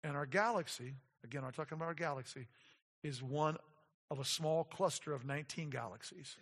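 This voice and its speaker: High-voiced preacher in a reverberant hall. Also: male voice, a little fast. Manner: builds from quiet to emphatic declarations. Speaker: pastor. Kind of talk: sermon.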